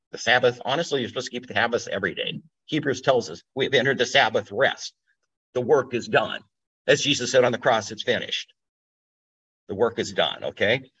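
A man's voice: medium pitch, a bit bright, husky, highs cut off. A man preaching a sermon in a conversational way, explaining scripture and checking in with "okay?".

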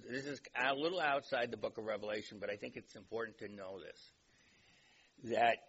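Gravelly, bright-voiced male lecturer. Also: medium pitch. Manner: conversational, digressive storyteller. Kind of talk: lecture with a told joke. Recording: dull recording with faint hiss.

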